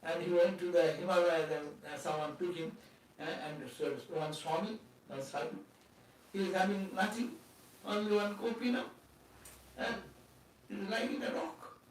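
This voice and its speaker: A man's voice: sits high, moderate pace, a little hiss or hum. A man giving a spiritual talk as a swami, conversational, with laughs and rhetorical questions. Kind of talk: sermon. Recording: echoey hall from far off.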